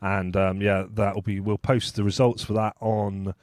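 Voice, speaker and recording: A man's voice: on the low side, level tone, a little slow, a little mellow, no echo, clean studio sound. A man co-hosting a podcast, easygoing and agreeable, chuckling as he tells anecdotes. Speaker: podcast co-host. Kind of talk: casual chat.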